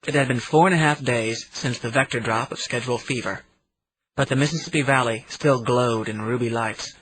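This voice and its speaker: A man narrating an audiobook in the first person, in a steady reading manner. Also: medium pitch, moderate pace, husky, low-quality recording. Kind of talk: scripted narration.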